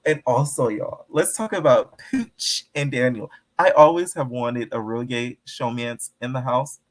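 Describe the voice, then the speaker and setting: Man, casual vlog commentary, sassy, slangy, gossipy, mid pitch. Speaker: reality TV commentator.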